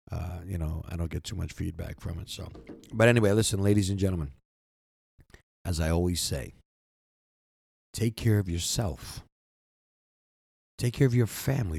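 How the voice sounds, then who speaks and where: A man's voice: sits low, gravelly, dark tone, no echo, clean studio sound. A man hosting a podcast, talking in an earnest, rambling way, often repeating words as he gathers his thoughts. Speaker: podcast host. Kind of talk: heartfelt podcast sign-off. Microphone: close microphone.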